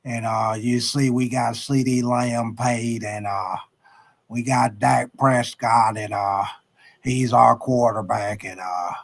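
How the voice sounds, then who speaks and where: A slow, folksy older team owner, as a sports-stream host puts him on, dropping his voice low and dragging out every phrase. He stalls with long "uh" pauses and sounds relaxed yet evasive. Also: vocal fry. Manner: slow drawling delivery full of "uh" pauses. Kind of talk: comic impression on a live sports stream.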